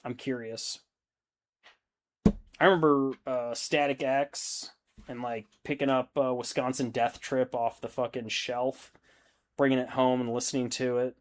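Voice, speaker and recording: A man's voice: medium pitch, little pitch movement, measured pace, a little hiss or hum. A man in his thirties hosting a hobby stream, chatting casually and reading out viewer comments, rambling and swearing freely. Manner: laid-back, rambling, swears a lot.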